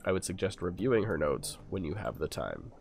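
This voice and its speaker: A man reading the lines of a formal, composed male team member in a video game, measured and polite. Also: low voice, big pitch swings, creaky, full character voice.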